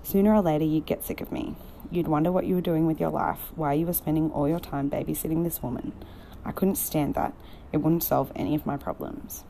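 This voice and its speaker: Brief: troubled young woman, pleading and earnest, dark husky tone, voiced by a female reader. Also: sits low, fairly even intonation, slight background noise. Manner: earnest, pleading, quickening when upset.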